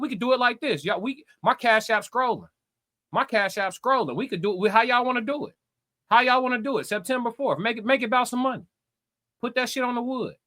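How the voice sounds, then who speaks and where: Brash, high-voiced trash-talking streamer man. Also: sharp tone. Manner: brash, profane, taunting, repeats himself. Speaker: streamer reading chat. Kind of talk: live reaction stream, trash talk.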